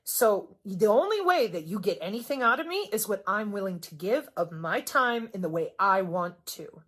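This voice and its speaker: Middle-aged woman from the Midwest, solo vlog monologue, sarcastic and emphatic, swears freely, lots of swings in pitch and volume. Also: big pitch swings, normal speed, fairly bright tone, breathy edge. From Wisconsin, US Midwest. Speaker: vlogger.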